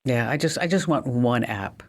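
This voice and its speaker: A woman hosting a tech call-in radio show, animated and jokey, with a slight New Jersey accent. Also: moderate pace. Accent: semi-New Jersey. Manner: animated, jokey, big pitch swings. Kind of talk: lively call-in radio chat.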